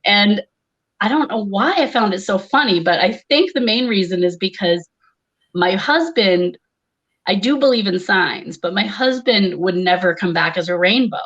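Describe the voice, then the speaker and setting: A woman's voice: medium pitch, animated, normal speed, a bit bright, highs cut off. A woman telling a personal story in a wry, conversational way, laughing often. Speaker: conference speaker, comedian. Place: live online conference.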